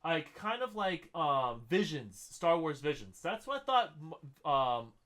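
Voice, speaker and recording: A man's voice: a little high, big pitch swings, unhurried, fairly bright tone. A man hosting a podcast in casual chat, loose and chatty, swearing freely. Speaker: podcast host.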